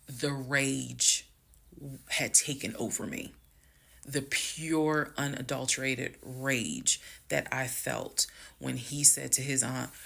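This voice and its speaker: A woman casually telling her own story to viewers, emphatic and at times fast and loud when she gets heated. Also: rumbling low, vocal fry. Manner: addresses viewers as "y'all". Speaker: storyteller recounting her marriage.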